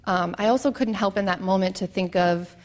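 A woman in her thirties gives a personal testimony in an earnest, reflective tone. She speaks in a middle register and pauses often on filler sounds as she gathers her thoughts. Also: mid-range voice, fairly even intonation. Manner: earnest and reflective, with frequent ums. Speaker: church mission trip member.

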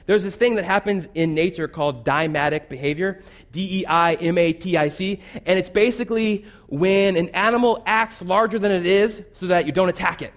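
A man's voice: sits high, moderate pace. A man preaching a conversational sermon, loose and chatty, acting out quotes in shifting voices. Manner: loose and chatty, with fillers like "like" and "basically".

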